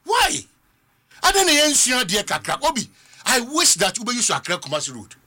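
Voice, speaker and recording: A man's voice: very high voice, huge pitch swings, moderate pace, bright, forceful tone. A man with a Ghanaian accent giving impassioned political commentary on a talk show, repeating phrases for emphasis.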